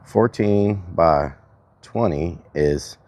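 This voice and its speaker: A man's voice: low-pitched, extremely slow, darkish tone. A man hosting a live stream outdoors, chatting casually and muttering sums to himself as he works things out. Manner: mutters to himself while working out sums aloud. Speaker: livestream host.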